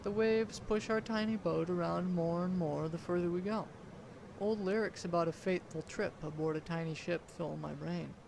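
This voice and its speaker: A young man telling a dramatic first-person sea story in a deliberate storytelling delivery. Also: high voice, gravelly, noisy background. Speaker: student storyteller.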